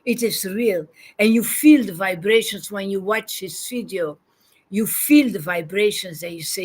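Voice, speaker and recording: Slow-spoken woman. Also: mid-range voice, darkish tone, breathy edge. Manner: slow, reflective, laughs often. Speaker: spiritual teacher. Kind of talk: informal devotional talk.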